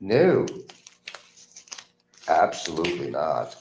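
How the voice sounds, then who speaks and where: A middle-aged man ranting bitterly on a livestream, repeating himself, mocking others and swinging between low mutters and loud outbursts. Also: huge pitch swings, slow, a little hiss or hum. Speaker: livestream host. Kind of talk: rambling livestream rant.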